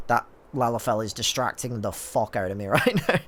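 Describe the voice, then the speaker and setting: A man's voice: mid-range voice, very animated, fast. A man casually joking and swearing while reading game dialogue aloud in a playthrough video. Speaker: gaming streamer. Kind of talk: let's-play commentary, reading dialogue aloud.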